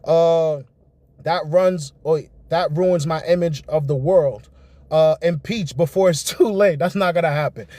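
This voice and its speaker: A man's voice: fairly high pitch, unhurried, mellow, no room sound. A young man giving casual, rambling political commentary on a livestream, reacting to chat as he goes. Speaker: livestream host.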